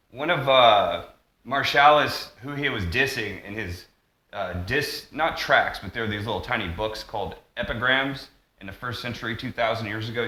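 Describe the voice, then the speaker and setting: A man talking through a loose monologue vlog, drifting from tangent to tangent and restarting his sentences. His voice is lowish with a bright, forceful edge. It bounces around an echoey room. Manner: tangent-heavy, full of fillers and restarts. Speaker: vlogger.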